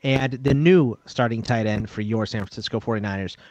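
A man's voice: on the low side, fairly quick, darkish tone, no room sound, dull audio. Man rattling off player lists on a dry mic. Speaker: podcast co-host. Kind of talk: casual sports radio chat.

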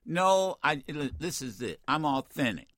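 A man hosts call-in radio, and he argues in a forceful, emphatic way, circling back over his points. His voice sits a bit high and swings widely in pitch. It is recorded close and dry in the studio. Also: very animated, unhurried, dry recording. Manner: combative, emphatic, repeats himself. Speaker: radio talk show host.

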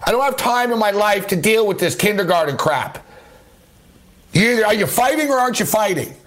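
A man's voice: high voice, lively intonation, a little fast, fairly bright tone. A man hosting a late-night sports talk radio show, ranting angrily and sarcastically.

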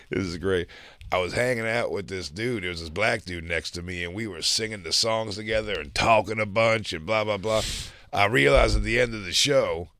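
A man with a lowish voice tells a story on a comedy podcast in casual, animated chat and breaks into laughter often. The studio sound is dry and close, with no room heard. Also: no echo. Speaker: podcast co-host.

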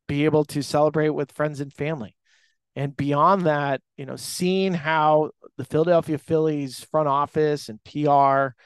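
A man's voice: fairly high pitch, clean tone, no echo. Chatty man hosting a baseball podcast. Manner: emotional, rambling, many restarts and fillers. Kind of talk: casual sports talk monologue. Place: airport restaurant bar.

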